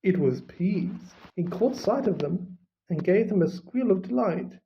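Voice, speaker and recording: A reader narrating a storybook in an unhurried, expressive way. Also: mid-range voice, a little hiss or hum. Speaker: audiobook reader. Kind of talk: storybook reading. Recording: dull lo-fi recording.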